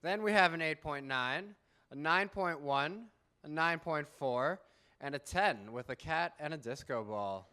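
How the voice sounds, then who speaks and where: A man's voice: on the high side, expressive, a little slow, sharp tone, smooth. A man hosting a live university poetry slam, joking with the crowd and counting down to each poet. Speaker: slam emcee. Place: university event hall.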